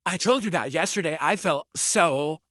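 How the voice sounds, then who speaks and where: Male streamer, somewhat high and bright, dry close mic; sarcastic toward trolls, rambling. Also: lively intonation, moderate pace, no echo. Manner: mocking, gloating toward trolls; rambling, self-justifying monologue. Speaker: livestreamer reading viewer tips. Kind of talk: casual stream chat.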